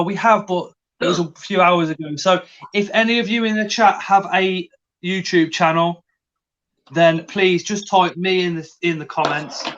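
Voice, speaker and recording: A man's voice: sits high, a bit bright, dull audio. A man hosting a casual livestream, greeting viewers in the chat and talking in a hesitant way with many restarts. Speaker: livestream host.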